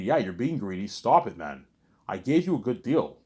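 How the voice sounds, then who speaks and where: A man's voice: fairly low pitch, very animated, normal speed, warm tone. A man rambling in a casual vlog monologue, boastful and repetitive, swearing freely. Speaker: vlogger.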